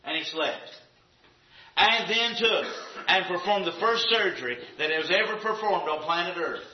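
A man's voice: high voice, lively intonation, moderate pace, slight background noise. A man preaching a sermon in a church, emphatic and repetitive, firing off rhetorical questions. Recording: echoey, dull lo-fi sound.

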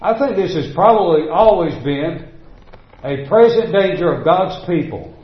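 A man's voice: sits high, expressive, measured pace, echoey room, highs cut off. A man preaching a sermon, reading scripture in old-fashioned wording and hammering home repeated refrains.

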